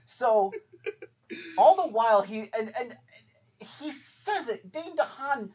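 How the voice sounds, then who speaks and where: A man co-hosting a podcast in casual chat, animated and exasperated as he acts out scenes. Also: very high-pitched, slow pace, slight background noise. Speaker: podcast co-host. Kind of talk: casual movie-review chat. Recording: dull lo-fi podcast audio.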